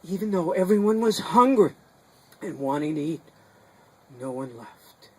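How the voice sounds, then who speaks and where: A man telling a folk tale to a small group in a sukkah, dramatic and animated, with sudden swings between loud and hushed. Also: fairly high pitch, unhurried, low-quality recording. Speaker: storyteller. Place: sukkah, a small outdoor booth.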